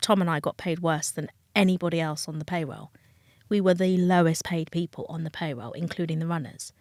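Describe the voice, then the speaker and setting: A woman's voice: lowish voice, a bit bright, no echo, clean studio sound. Frank British woman telling it straight. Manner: frank, emotional, acts out quoted voices. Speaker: dating coach and TV guest. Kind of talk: candid interview talk.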